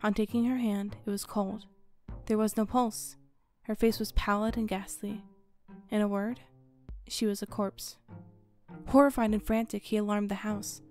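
A woman narrating a classic horror story in a measured, deliberate reading. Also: mid-range voice, flat delivery, a little mellow. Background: faint music.

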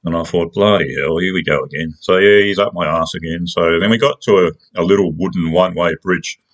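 Low-voiced Australian man telling a story. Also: fairly quick. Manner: rambling, colloquial, with many restarts. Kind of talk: casual personal storytelling.

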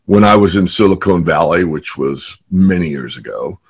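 Low husky male guest, trader, lively storyteller who tells jokes. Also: normal speed. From San Francisco Bay Area. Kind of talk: casual interview talk.

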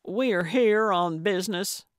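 A grumpy older lady with a walker, sharp-tongued and jealous, as a woman narrator puts her on. She bites off her words in short, grudging replies, slow and deliberate. The sound is dry and close, like a storybook recording. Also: medium pitch, dry recording, close to an everyday voice. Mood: curt. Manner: curt, snippy, grudging. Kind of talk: audiobook character voice.

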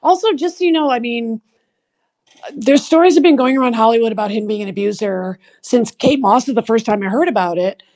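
A woman in her sixties talking as a comedian guest. Her voice sits fairly high. She delivers sharp, sarcastic gossip in a chatty, catty way. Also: fairly quick. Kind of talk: podcast interview.

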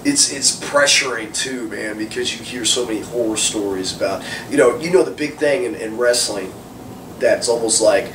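A male wrestler chatting casually in an interview, animated and swearing freely. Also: medium pitch, moderate pace. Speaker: professional wrestler guest. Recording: roomy, distant mic with background noise.

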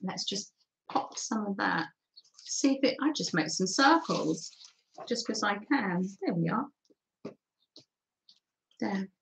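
A woman's voice: mid-range voice, expressive, slow pace, gravelly, long pauses, a bit bright, slight background noise. A woman hosting a live mixed-media art demo, chatting and thinking aloud as she paints and reading out viewers' comments. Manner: reads out and thanks viewers' comments. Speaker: craft livestream host.

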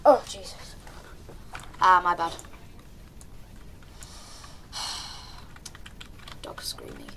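A young woman, chatting through live gameplay commentary with sudden excited yelps and calls to her teammates. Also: fairly low pitch, extremely slow, creaky, long pauses, a little hiss or hum. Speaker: streamer.

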